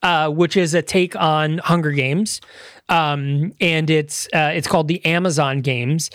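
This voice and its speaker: A man's voice: fairly high pitch, fairly even intonation, unhurried, a bit bright, no room sound, studio quality. A man co-hosting a movie review podcast, talking loosely with many fillers and restarts. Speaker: podcast co-host. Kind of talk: casual movie review chat.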